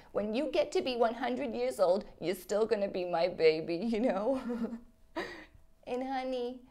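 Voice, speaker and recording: A high, sing-song mother whose voice swoops wildly as she whines and piles on guilt, played by a woman in a comedy sketch. She is melodramatic and nagging, never letting her son off the hook. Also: a little mellow. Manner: melodramatic, whiny, guilt-tripping. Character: nagging, guilt-tripping middle-aged Jewish-style mother. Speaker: sketch actor. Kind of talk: comedy sketch phone call.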